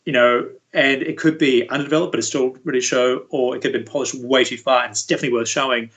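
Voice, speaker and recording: A man speaking as an interview guest, a university VFX lead explaining things in a relaxed, conversational way. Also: mid-range voice, fast, rough recording. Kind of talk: casual interview chat.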